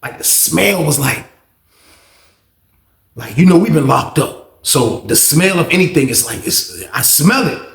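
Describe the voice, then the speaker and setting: A man telling a storytime vlog story in casual slang, animated and getting louder when excited. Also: on the high side, unhurried, gravelly, reverberant. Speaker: storytime vlogger.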